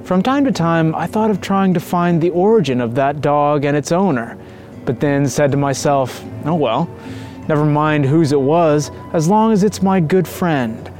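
A man's voice: on the high side, moderate pace, a little mellow, soft background music, lightly acted. A man doing a kindly cheerful priest.

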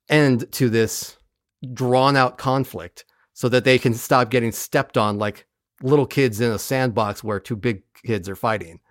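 A man hosting a podcast, recapping a TV episode in casual chat with a wry, profane, animated manner. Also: mid-range voice, no room sound, studio quality.

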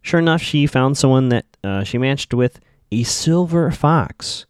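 A man's voice: mid-range voice, animated, unhurried, clear, resonant tone, no room sound. A man hosting a casual recap podcast, chatty and wry, swearing now and then, on a close desk mic. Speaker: podcast host.

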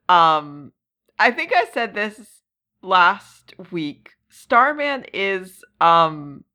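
A woman co-hosting a casual podcast, laughing often and halting with lots of ums. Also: lowish voice, sharp tone. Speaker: podcast co-host. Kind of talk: casual chat.

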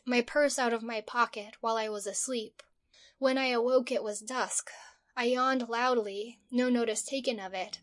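Woman reading a comic diary dramatically. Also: a little high. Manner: dramatic, mock-heroic delivery. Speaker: audiobook narrator. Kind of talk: scripted narration of a first-person diary.

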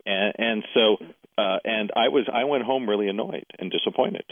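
A man with a lowish voice tells a long personal story, now and then acting out the people in it. The sound is thin and tinny, as if over a phone line. The room is dry, with no echo. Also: moderate pace. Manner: animated storyteller, quotes others in dialogue. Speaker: guest. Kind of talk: casual interview storytelling.

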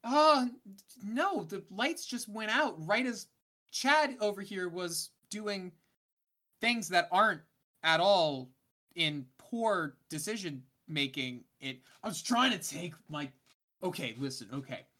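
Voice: medium pitch, lively intonation, takes it slowly, sharp tone, pitched above the performer's own voice, exaggerated voice. A game master voicing a flustered young female student who rambles defensive excuses.

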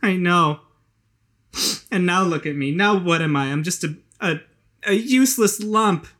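Game master doing a higher-pitched voice, despairing drunk young woman, halting and self-pitying, stumbles over repeated words. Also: fairly bright tone, close to an everyday voice.

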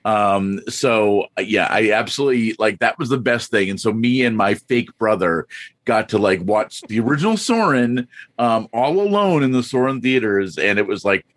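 A man's voice: on the low side, lively intonation, normal speed, no echo. A man, a podcast guest, telling anecdotes in casual chat with lots of "uh" and "like.". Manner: chatty, lots of fillers.

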